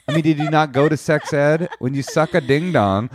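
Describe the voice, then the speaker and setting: A man's voice: on the high side, moderate pace, slight background noise. A man co-hosting a podcast, reading listener emails aloud in a crude, wry, playful way. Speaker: podcast co-host.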